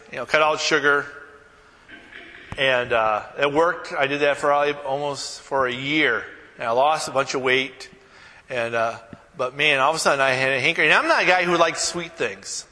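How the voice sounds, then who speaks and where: A pastor preaching to his church, chatty and anecdotal, often restarting his sentences. His voice sits high and sounds bright. It carries a long reverb from the church hall. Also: normal speed. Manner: conversational, anecdotal, self-deprecating with many fillers and restarts. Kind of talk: sermon.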